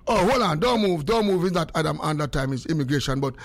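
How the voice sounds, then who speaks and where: A man hosting a radio show, bantering in a lively mix of patois and English. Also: a little high, fast talker. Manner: animated, mixing patois and English.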